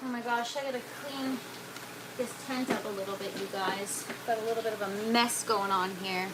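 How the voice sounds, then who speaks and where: A woman's voice: a little high, fairly even intonation, normal speed, very noisy. A woman, hosting a casual gardening livestream from her indoor grow tent and chatting with viewers as she works. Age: 30s. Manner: chatty, talks to viewers and reads their comments aloud. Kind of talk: casual live-stream chat.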